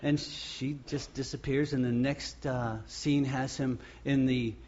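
A man preaching a sermon as pastor, acting out the crowd's shouts and the quoted words. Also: mid-range voice, little pitch movement, slow pace, highs cut off, slight background noise.

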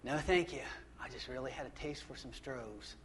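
A man voicing a parched man crawling through the desert, politely asking for a drink in a hushed, breathy voice. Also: fairly high pitch, steady tone, moderate pace.

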